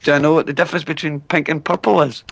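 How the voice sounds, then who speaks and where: Scottish male co-host, slightly high voice, rambling storyteller, dry close sound. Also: fairly even intonation, fast talker, creaky, a bit bright, no room sound. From Scotland. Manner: rambling anecdotal storyteller with restarts. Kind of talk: casual chat.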